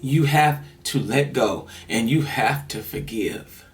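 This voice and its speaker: A man's voice: medium pitch, slow. A man giving an earnest, rambling personal monologue as a vlogger, sighing between his thoughts. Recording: somewhat distant mic, faint music.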